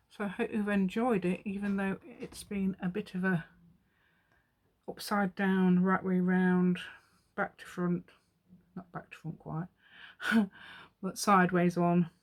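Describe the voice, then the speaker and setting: A woman in her fifties chatting and rambling as she makes a craft piece at home, talking to herself and laughing often. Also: mid-range voice. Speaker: craft vlogger.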